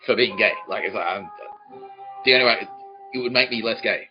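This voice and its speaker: A man's voice: mid-range voice, normal speed, pauses often, highs cut off, faint music behind. A man hosting a podcast, telling a profane comic story in a ranting voice and laughing at his own jokes. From Australia. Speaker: podcast host.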